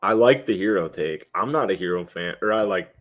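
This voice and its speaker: A young man co-hosting a casual sports chat, rambling with goofy, deadpan jokes. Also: deep voice, a little fast, highs cut off. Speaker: co-host.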